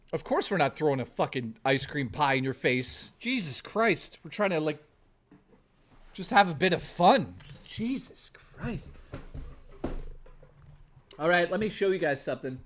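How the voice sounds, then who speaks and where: A man livestreaming in casual chat, rowdy and profane, thanking chat and joking excitedly. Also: fairly high pitch. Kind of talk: casual live-stream chat.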